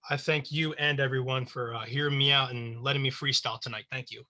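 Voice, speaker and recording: A man's voice: mid-range voice, steady tone, fairly quick, sharp tone. A man giving an unscripted sales testimonial on a call, passionate and blunt, with some swearing and frustration. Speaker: guest sales partner. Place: online group call.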